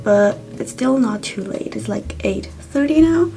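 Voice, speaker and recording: A young woman vlogging in a relaxed, personal way. Her voice has a gravelly edge and often sinks toward a hushed whisper. Faint music sits under her. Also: a little high, a little slow. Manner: soft-spoken, drifts into whispers, tearful at times. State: tearful. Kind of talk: casual vlog chat.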